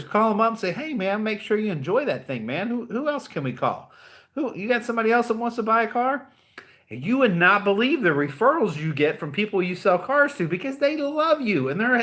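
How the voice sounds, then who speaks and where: A middle-aged man with a Southern American drawl runs a casual motivational talk for car salesmen. He is blunt and profane, drifts into jokes and asides, and his voice sits a bit higher than most men's. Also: a bit bright. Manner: blunt, profane, joking, rambling.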